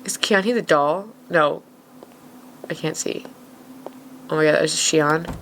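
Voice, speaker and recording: Excitable young woman reacting to a video. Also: deep voice, unhurried, slight background noise. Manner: excitable, gushing, swears casually. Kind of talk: casual reaction commentary.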